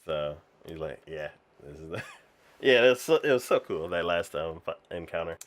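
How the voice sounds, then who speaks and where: A man's voice: deep voice, expressive, normal speed, a bit bright. A man co-hosting an anime podcast in casual chat, laughing often and acting out lines of dialogue. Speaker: podcast co-host.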